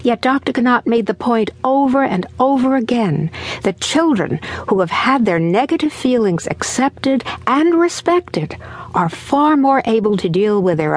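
A woman narrating her parenting audiobook in an earnest, conversational way. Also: fairly high pitch. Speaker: author and narrator.

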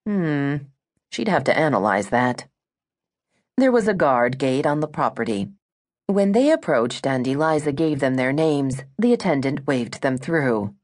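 A woman narrating a romance audiobook in a smooth, measured storytelling manner. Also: a bass voice, big pitch swings, a little mellow.

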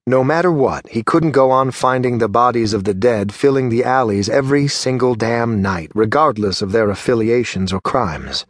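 This man delivers scripted narration of a fantasy novel at an ordinary middle pitch, keeping his pace measured and steady. The audiobook recording is dry and close, lacking any room sound.

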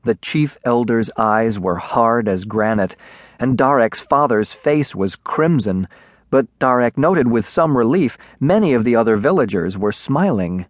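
Man reading a children's storybook, measured and expressive, mid voice, dry booth. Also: medium pitch, no room sound. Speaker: audiobook narrator. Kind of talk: scripted children's storybook narration.

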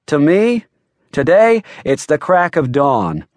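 A man voicing a groggy, gruff private eye who is woken too early, speaking in a grumpy and wry way in an audiobook. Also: medium pitch, lively intonation, measured pace, no echo, close to an everyday voice. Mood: irritated.

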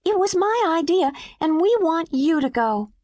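A woman's voice: very high voice, animated, measured pace, no room sound, studio quality, pitched above the performer's own voice. Woman voicing an eager little girl. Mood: excited. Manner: eager, bright and breathless. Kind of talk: audiobook character voice.

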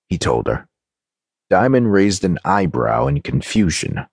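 A man narrating an audiobook in an expressive, dramatic way, on a close microphone. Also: a bass voice, takes it slowly, vocal fry, breathy edge, no echo.

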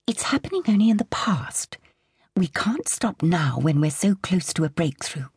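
A woman voicing a calm, determined female seance hostess who speaks in a soft, soothing whisper. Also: mid-range voice, a little slow, breathy edge, recorded from a distance, pitched above the performer's own voice, heavily acted. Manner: soothing, insistent.

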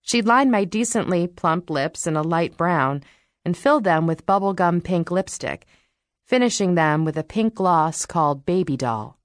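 A woman narrating an audiobook in the first person, reading in a wry, expressive way into a studio microphone. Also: lowish voice, normal speed, dry recording.

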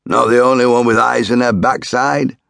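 A fiery, stubborn striking coal miner, as a man puts him on in an audiobook. He talks loud and high, defiant and cutting, shouting from a distance. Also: flat delivery, normal speed, creaky, no room sound, clean studio sound. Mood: mocking.

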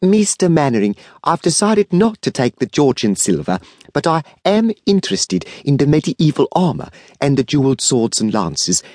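A man voicing a brisk, businesslike woman of sixty. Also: on the high side, big pitch swings, a little mellow, no room sound, clean studio sound, voice pushed up. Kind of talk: audiobook character reading.

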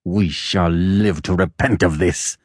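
A man voicing an earnest younger brother who speaks higher and with tense insistence. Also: slow, no echo, studio quality. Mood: resolute. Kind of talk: audiobook character voice.

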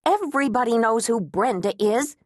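A woman's voice: medium pitch, animated, measured pace, dry recording, studio quality, pitched above the performer's own voice. Woman playing a defiant, feisty woman wielding threats. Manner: sharp, defiant, blustering. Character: feisty frightened woman defending her home.

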